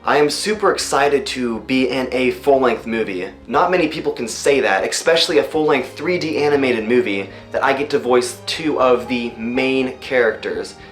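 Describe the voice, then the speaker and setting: Chatty voice actor in an echoey room. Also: male voice, mid-range voice, moderate pace, hardly any pauses. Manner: chatty, full of ums and you-knows. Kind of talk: behind-the-scenes interview. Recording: roomy room echo. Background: faint music.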